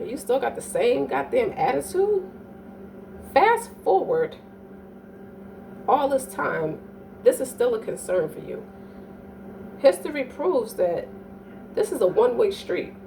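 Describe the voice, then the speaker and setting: A woman's voice: medium pitch, dark tone. A woman giving a casual astrology reading, speaking in a profane, emphatic way and often checking "you dig?". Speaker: astrology reader. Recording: distant mic with faint background noise.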